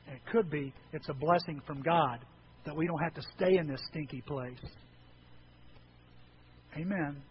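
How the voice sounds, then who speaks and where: A man preaching a sermon to his church, swinging between hushed asides and loud, animated outbursts. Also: a little high, unhurried, pauses often, dull audio, a little hiss or hum. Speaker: pastor.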